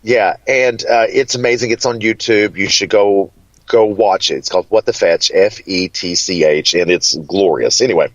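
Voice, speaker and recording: A man's voice: deep voice, normal speed, no echo. Chatty Southern man, dull dry sound. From Kentucky, USA. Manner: chatty, flamboyant storyteller. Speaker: guest. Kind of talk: casual interview chat.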